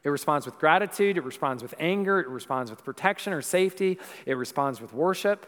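A young man preaches a sermon in a church sanctuary, his voice sitting a touch high for a man. He moves from easy conversational talk into a rhythmic, emphatic recitation, and a long reverb hangs on every phrase. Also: lively intonation, brisk, a bit bright. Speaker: pastor. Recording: long reverb of a large hall.

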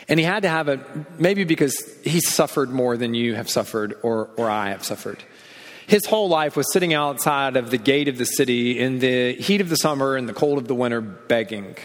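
Pastor preaching in an echoing hall. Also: male voice. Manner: animated storytelling, drops low and quiet for emphasis. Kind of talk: sermon. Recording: long hall reverb.

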